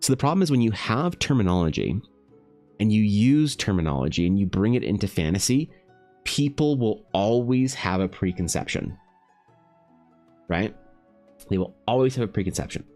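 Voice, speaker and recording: A man with a lowish voice talks loosely on a live art stream, circling back and restarting his sentences. He speaks straight to his viewers, with faint music playing behind him. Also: animated, normal speed, pauses often, a little mellow. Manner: rambling, loose, with many restarts and filler words; chatty, greets viewers directly. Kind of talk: casual live-stream monologue.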